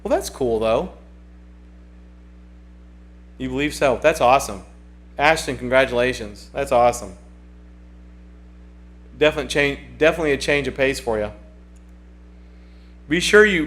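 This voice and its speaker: A man's voice: medium pitch, animated, normal speed, long pauses, a bit bright. A man hosting a casual livestream, chatting and reading viewer comments aloud in a rambling way that often repeats itself. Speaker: livestream host.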